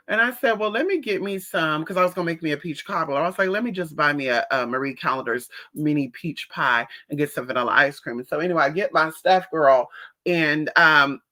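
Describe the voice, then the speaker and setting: Sassy woman chatting on a livestream. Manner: sassy, animated storytelling with big pitch jumps when quoting people. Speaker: livestream host. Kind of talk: casual livestream chat.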